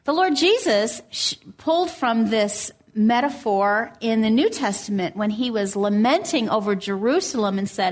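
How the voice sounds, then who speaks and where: Woman giving a sermon, gentle earnest storyteller, reads scripture. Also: a little high, expressive, normal speed, few pauses. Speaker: preacher.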